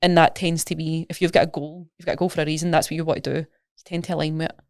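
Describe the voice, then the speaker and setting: Fast-talking Scottish woman coach. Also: sits low, no echo, studio quality. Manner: chatty, rapid, animated explaining with examples. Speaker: nutrition coach, guest. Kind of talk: casual podcast interview.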